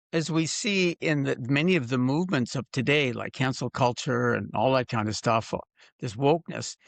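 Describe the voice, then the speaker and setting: Gravelly older man, halting host. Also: mid-range voice, no echo. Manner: halting, repeats words as he restarts. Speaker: podcast host. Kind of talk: casual interview conversation.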